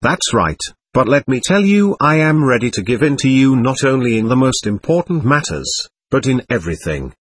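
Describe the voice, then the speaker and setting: A man's voice: medium pitch, very animated, normal speed, breathy edge. A man reading the part of a playful, teasing young woman who speaks eagerly and fervently.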